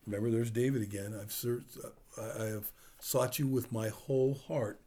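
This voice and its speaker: A man's voice: mid-range voice, steady tone, moderate pace, mellow, breathy edge. A man preaching a sermon in a conversational, storytelling way, acting out the dialogue of the people in his stories. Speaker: pastor.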